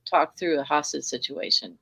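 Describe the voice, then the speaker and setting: A middle-aged woman telling lively personal stories in a casual group video chat, laughing often. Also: deep voice, moderate pace, creaky, a little hiss or hum, low-quality recording. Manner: animated storyteller, laughs often. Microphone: video call.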